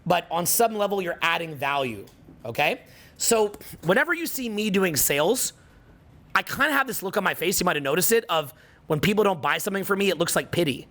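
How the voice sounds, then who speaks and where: Middle-aged Canadian male coach, high-pitched, emphatic and preachy, motivational seminar delivery. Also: expressive, brisk, sharp tone. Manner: emphatic, preachy, repeats phrases for effect. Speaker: social skills coach.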